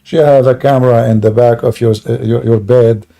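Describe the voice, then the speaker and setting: A man hosting a live stream with mocking, sarcastic commentary and broken English grammar, often rising into loud taunting exclamations. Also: medium pitch, fairly even intonation, normal speed.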